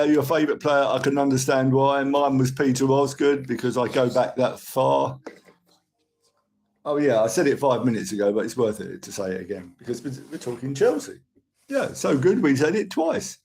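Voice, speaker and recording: A man's voice: mid-range voice, darkish tone, poor audio. Older Cockney man rambling on a livestream. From London. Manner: chatty, rambling, thanks viewers for gifts. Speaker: live streamer. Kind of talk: casual live-stream chat with viewers.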